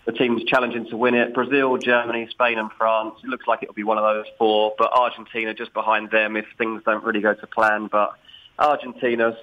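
A man with a British accent, a football insider guest explaining the game in a measured way. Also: medium pitch, dull audio. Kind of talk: sports analysis chat.

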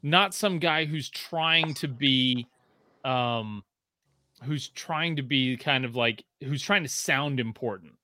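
A man's voice: mid-range voice, takes it slowly, no room sound, clean studio sound. A man in casual chat, rambling and profane, full of fillers and restarts, voicing quotes as he tells stories. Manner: animated storytelling with voiced quotes.

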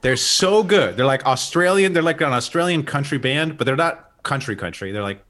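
A man's voice: mid-range voice, animated, normal speed, fairly bright tone. A man co-hosting a casual podcast chat, enthusiastically recommending music and shows. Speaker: podcast co-host.

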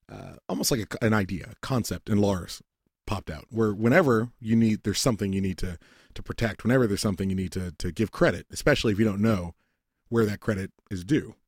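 Speaking in a lowish, slightly rough voice, this podcast host swears heavily through a meandering casual story and slips into lively fake voices when quoting others. There's no room sound, and the studio audio is clean.

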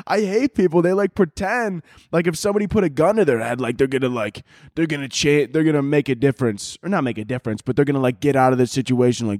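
A man's voice: a little high, quick pace, a little mellow, dry recording, clean studio sound. A man in his twenties hosting a podcast, ranting casually with lots of swearing and laughter. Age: 20s. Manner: profane, rambling, laughs often. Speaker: podcast host. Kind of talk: casual comedic rant.

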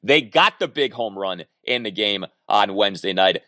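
A man co-hosting a casual baseball talk show, talking in an animated, emphatic way. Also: fairly low pitch, moderate pace, no echo, clean studio sound. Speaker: baseball podcast co-host.

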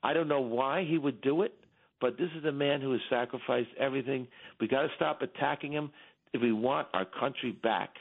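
Middle-aged man phoning in, fervent and repetitive, tinny phone-line sound, mid-pitched. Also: fairly quick, vocal fry. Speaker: phone-in guest. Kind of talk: impassioned political commentary.

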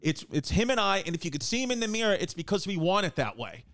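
Casting note: chatty New guy, fairly high voice, smooth and dry, riffs and jokes as the host from his living room. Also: very animated, fairly bright tone, dry recording. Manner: rambling, joking, quick asides. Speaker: podcast host. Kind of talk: casual comedic monologue.

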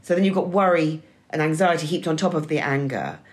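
A woman's voice: sits low, brisk. A middle-aged woman co-hosting a podcast, speaking with wry, dramatic emphasis on key words. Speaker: podcast co-host. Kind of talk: scripted-sounding podcast chat.

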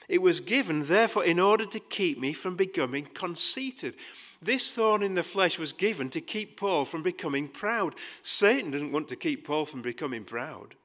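A man preaching a sermon, emphatic, rising to loud pleading passages and dropping quiet again. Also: on the high side. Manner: acts out quoted dialogue with dry humor.

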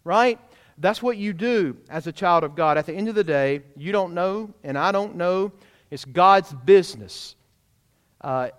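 Male pastor, sermon, emphatic preaching, high voice, long church reverb. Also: expressive, normal speed, fairly bright tone. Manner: emphatic preaching, rhetorical questions to the congregation. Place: church sanctuary.

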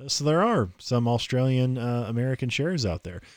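A man co-hosting a morning talk podcast, chatting casually and pitching sign-ups. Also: very animated, normal speed. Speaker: podcast co-host. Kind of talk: casual promo chat.

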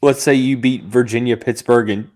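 A man hosting a sports podcast, thinking out loud with lots of fillers and restarts, who has the hiccups. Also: medium pitch, steady tone, moderate pace. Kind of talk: casual sports analysis podcast.

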